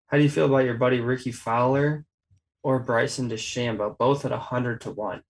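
A man's voice: medium pitch, steady tone, brisk, low-quality recording. A man hosting a casual golf betting chat, rattling off odds and stats. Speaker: golf betting podcast host.

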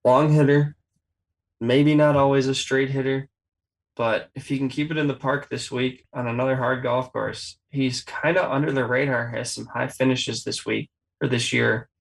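A man's voice: medium pitch, steady tone, normal speed, gravelly, poor audio. A man hosting a casual golf betting chat, rattling off odds and stats. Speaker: golf betting podcast host.

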